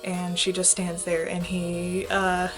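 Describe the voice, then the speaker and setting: Young adult female vlogger, animated storyteller, light laughs, faint music bed. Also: takes it slowly. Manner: animated, giggly, acts out quotes with big pitch jumps. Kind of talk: casual storytime vlog.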